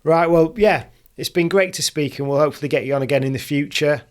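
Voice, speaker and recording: Podcast host guy, smooth clear voice, easygoing, short friendly replies. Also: on the high side, fast talker. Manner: easygoing, brief encouraging replies. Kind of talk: casual interview chat.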